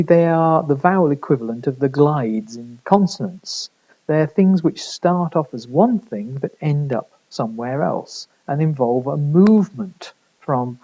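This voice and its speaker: A male lecturer walks through his material slowly and patiently, one step at a time. His voice is dark and a little husky. The recording sounds muffled and lo-fi. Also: medium pitch. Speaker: university lecturer.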